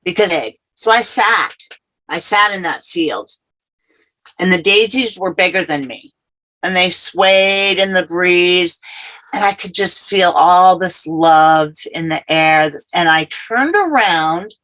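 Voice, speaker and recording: A middle-aged woman telling her personal story as an interview guest, earnest and halting, often repeating herself. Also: fairly low pitch, fairly bright tone, rough recording.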